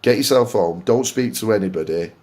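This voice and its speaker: A man's voice: lowish voice, lively intonation, brisk, a little mellow, close to an everyday voice. A man voicing a stern male policeman who gives curt, blunt orders.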